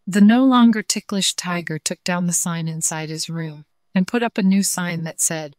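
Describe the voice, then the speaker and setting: A woman storyteller reading a children's story aloud in a gentle, clear way. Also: on the low side, moderate pace, hardly any pauses, no room sound, studio quality.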